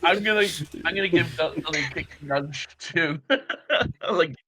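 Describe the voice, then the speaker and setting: A man's voice: a little high, unhurried, heavy background noise. A man playing in a tabletop game, giggling and stammering as he says what his character does. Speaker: player.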